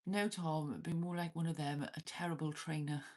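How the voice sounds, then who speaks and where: A woman's voice: low-pitched, fairly even intonation, moderate pace, a little mellow. A Welsh woman hosting a livestream from her cabin, chatting casually with viewers, laughing often and swearing freely. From Wales. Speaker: livestream host.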